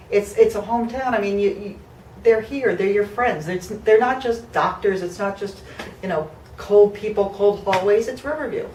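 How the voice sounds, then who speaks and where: A woman's voice: medium pitch, darkish tone, roomy sound, recorded from a distance, slight background noise, rough recording. A woman of fifty from New Jersey giving an emotional patient testimonial, heartfelt and close to tears, with fillers and restarts. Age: 50s.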